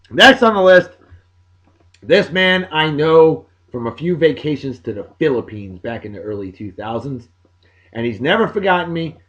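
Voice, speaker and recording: A middle-aged man, hosting a casual podcast and giving exuberant, folksy birthday shout-outs. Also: mid-range voice, highs cut off. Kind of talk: casual chat.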